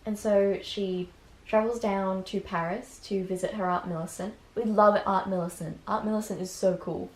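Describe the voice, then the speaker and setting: A woman's voice: mid-range voice, fairly even intonation, moderate pace. Chatty young woman reviewing movies. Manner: enthusiastic, chatty, swears, laughs often. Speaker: video host. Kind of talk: casual review vlog. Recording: echoey room.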